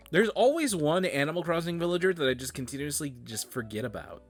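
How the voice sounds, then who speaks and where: A man's voice: on the high side, big pitch swings, brisk, few pauses, soft background music. Tired, muttering male gaming streamer. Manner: muttering, swears casually, drifts between loud and quiet. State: tired, yawning. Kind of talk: casual game commentary.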